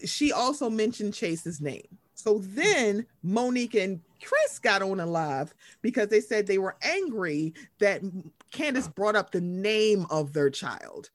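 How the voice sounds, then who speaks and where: A woman's voice: mid-range voice, measured pace, hardly any pauses, no echo. A woman, recapping reality TV gossip in casual chat and acting out quotes. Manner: animated gossip, acts out quotes. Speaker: podcast co-host.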